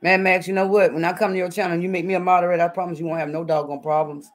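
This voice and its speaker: A woman's voice: lowish voice, little pitch movement, very fast, poor audio. Sassy, blunt Southern woman, middle-aged. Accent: Southern American. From southern United States. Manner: sassy, blunt, lots of cussing. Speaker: YouTuber. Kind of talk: casual live-stream chat. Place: home kitchen, cooking.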